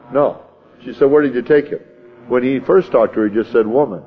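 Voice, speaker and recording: Fairly quick and husky, a medium-pitched man preaches with folksy warmth, reading scripture and playing out the scene in his own phrasing with chuckles. The audio is dull, with soft background music.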